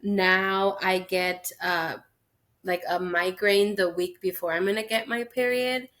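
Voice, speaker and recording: A woman's voice: mid-range voice, steady tone, slow pace, a bit bright. A woman in her thirties co-hosting a podcast, chatting candidly and telling personal stories. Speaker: podcast co-host. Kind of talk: casual chat.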